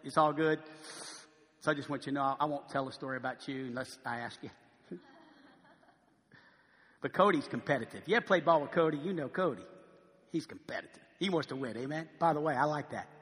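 Emphatic middle-aged preacher in a reverberant hall. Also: male voice, medium pitch, fast, long pauses, fairly bright tone. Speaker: pastor. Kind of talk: sermon.

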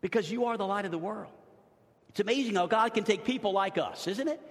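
A pastor from New Orleans preaching a sermon in a church, emphatic, swinging from loud to hushed. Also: male voice, sits high, a little fast. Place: church sanctuary. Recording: long hall reverb.

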